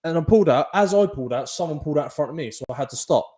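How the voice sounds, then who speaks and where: A man, co-hosting a podcast and telling a sweary, animated road story in casual chat. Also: on the high side, racing. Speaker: podcast co-host.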